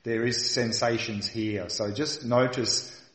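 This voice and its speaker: A man teaching a meditation practice, guiding patiently and calmly and repeating key points for emphasis. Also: medium pitch, takes it slowly, roomy sound. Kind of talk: guided meditation instruction.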